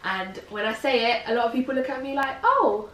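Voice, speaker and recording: A nineteen-year-old woman, chatting casually to camera as a vlog co-host and telling her story in a relaxed way. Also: on the high side, fast talker. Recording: roomy, distant mic, faint noise.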